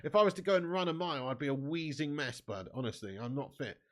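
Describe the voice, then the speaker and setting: A man's voice: on the high side, fast talker, a crowd in the background. A man hosting a live football watch-along, chatting casually with viewers and calling them mate and lad. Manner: erupts into angry shouting at the match.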